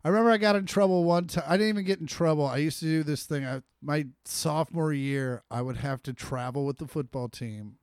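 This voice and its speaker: A man in his forties, a comedian co-hosting a podcast, spins loose, joking stories in easy chat. His voice sits a touch high and comes through smooth and resonant. The sound is dry and close to the mic. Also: brisk, few pauses, no echo. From Kansas City, US. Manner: storytelling, joking, animated. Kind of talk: casual chat.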